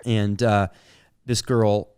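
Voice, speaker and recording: A man's voice: fairly low pitch, flat delivery, slow pace, a little mellow, clear, resonant tone. A young man co-hosting a podcast, telling childhood stories in casual chat, rambling with lots of "like" fillers and laughing as he talks. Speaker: podcast co-host.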